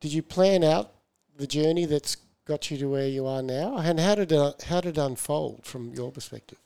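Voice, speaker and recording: Man, podcast host, fairly high voice, gravelly edge, encouraging questions. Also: normal speed, warm tone. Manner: encouraging, brief affirmations. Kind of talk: interview questions.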